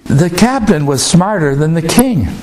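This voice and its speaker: A man preaching a sermon, slowly retelling a scripture story with emphatic asides to the congregation. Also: a little high, expressive, a little mellow.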